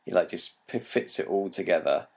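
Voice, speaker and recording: A man's voice: deep voice, lively intonation, fairly quick, a little mellow. A man from Britain co-hosting a film podcast, hesitant and laughing often as he talks. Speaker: podcast co-host. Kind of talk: casual chat.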